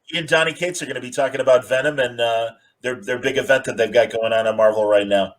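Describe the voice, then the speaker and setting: A man's voice: mid-range voice, steady tone, fast talker, poor audio. A man hosting a casual video-call interview, rambling with many fillers. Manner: friendly, rambling, lots of fillers. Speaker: host.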